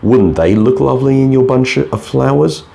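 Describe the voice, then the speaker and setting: A man voicing a sly, smooth-talking big bad wolf in a bedtime storybook reading, with a falsely friendly, coaxing manner. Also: mid-range voice, normal speed, mellow, pitched above the performer's own voice, lightly acted.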